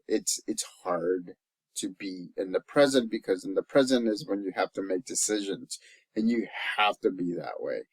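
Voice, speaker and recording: Earnest, halting man talking close and dry. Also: lowish voice, no room sound, low-quality recording. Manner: earnest and halting, with many restarts; openly emotional, voice dropping soft at times. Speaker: life coach. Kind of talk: personal reflective vlog talk.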